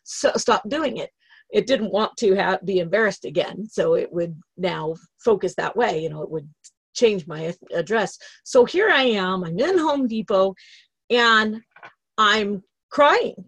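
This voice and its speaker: Unhurried and husky, a middle-aged motivational speaker with a medium-pitched voice shares her personal story, with no echo. She gets emotional and laughs as she animatedly recounts it, and she lives in a travel trailer in Idaho.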